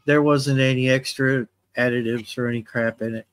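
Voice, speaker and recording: A man's voice: medium pitch, fairly even intonation, moderate pace, dry recording. Plain-spoken man co-hosting a stream. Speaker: livestream co-host. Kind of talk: casual live-stream chat.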